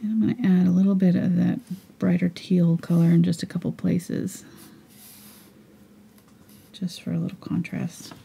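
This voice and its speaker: A woman teaching a live painting lesson, her voice hoarse and fading as she talks quietly through each brushstroke. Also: lowish voice, level tone, normal speed, long pauses, a little hiss or hum. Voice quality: husky, gravelly. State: losing her voice. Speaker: painting instructor.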